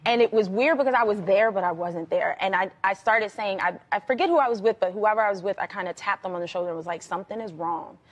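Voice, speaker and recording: Expressive woman telling a story. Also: mid-range voice, fast talker, few pauses. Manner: expressive storyteller, acts out quotes. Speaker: talk show guest.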